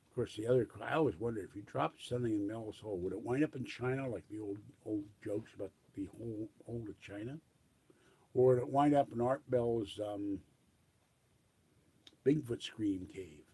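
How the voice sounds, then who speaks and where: Husky older man rambling casually. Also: mid-range voice, fairly quick. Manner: rambling, reminiscing, trailing off quietly.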